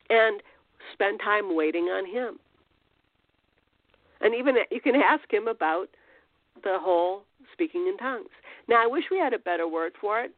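A woman's voice: mid-range voice, no echo. Woman host on a tinny phone line. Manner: conversational, rambling with restarts and fillers. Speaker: podcast host. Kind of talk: informal spiritual teaching.

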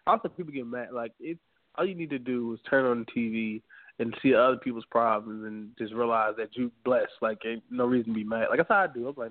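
A man's voice: medium pitch, fairly even intonation, quick pace, no room sound. Blunt, crude man on a tinny line. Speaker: co-host. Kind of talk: casual chat. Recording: tinny phone-like sound.

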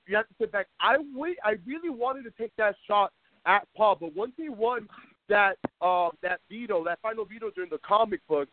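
An excitable man speaks in a high voice on a call-in show, jumping in and restarting as he talks. The sound is tinny and dry, like a phone line. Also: dry recording. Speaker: guest, reality show winner. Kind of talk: casual call-in radio chat.

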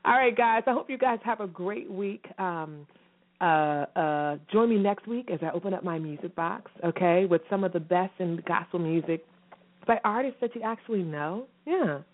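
A woman's voice: on the low side, expressive, moderate pace. Exuberant woman hosting a gospel radio show. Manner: warm, exuberant, gushing shout-outs with laughs. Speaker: radio show host and gospel recording artist. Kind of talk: casual radio show chat. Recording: tinny phone-like sound, faint music.

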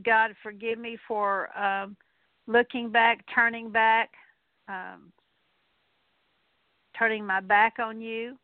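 A woman's voice: on the high side, flat delivery, takes it slowly, long pauses, no echo. A woman minister leading a radio deliverance prayer, speaking earnest, repetitive declarations with occasional fillers. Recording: tinny narrow-band radio sound.

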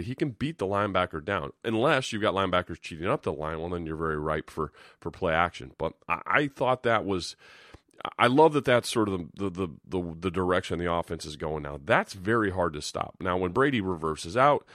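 A man's voice: low voice, fairly bright tone, dry recording, studio quality. A man, a former linebacker, breaking down game film in a casual, rambling way, full of restarts. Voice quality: hoarse-sounding morning voice. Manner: rambling and conversational, with frequent restarts and 'you know'.

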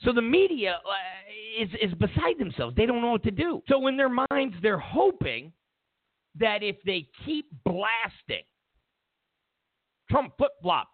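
A man's voice: high voice, big pitch swings, unhurried, no echo. A man hosting a talk show, delivering a heated, mocking political monologue full of repeated phrases. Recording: tinny phone-like sound.

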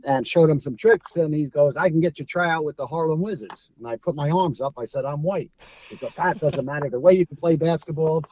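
In a casual interview, a middle-aged guest from Brooklyn recounts stories with a New York accent, acting out quoted voices and often laughing; he once played streetball. His pitch is fairly high and his pace a bit quick. There's no room sound, and the highs are cut off.

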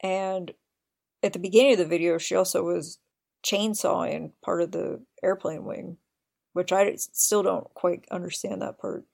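A woman's voice: on the low side, steady tone, normal speed, vocal fry, darkish tone. A woman hosting a podcast, eagerly recounting scenes in detail with open admiration. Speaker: podcast host. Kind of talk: casual chat.

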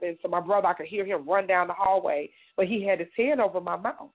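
A middle-aged woman from Indiana recounts her past in a radio interview, her voice thin and phone-like. She talks haltingly, doubles back on her words, and voices the people in her story as she goes. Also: mid-range voice. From Indiana, United States. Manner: halting, repeats words, acts out others' lines. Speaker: guest survivor telling her story. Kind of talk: personal testimony in a radio interview. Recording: tinny phone-like radio sound.

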